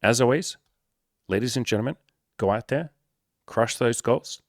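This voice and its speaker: A man giving blunt, profane, energetic dating-coach advice in a casual talk straight to the camera. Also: medium pitch, normal speed, no echo, clean studio sound.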